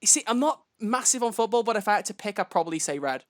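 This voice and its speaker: A man's voice: sits high, animated, fast talker. Giggly man with a light Liverpool accent. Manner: giggly, laughs often. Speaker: host. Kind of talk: casual livestream chat.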